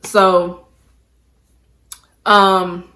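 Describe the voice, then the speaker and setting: A woman's voice: medium pitch, level tone, extremely slow, pushed and bright. Emphatic young woman vlogger telling a story. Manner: emphatic, peppers talk with "like". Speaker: beauty vlogger. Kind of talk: casual storytime monologue. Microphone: camera mic, talking to camera.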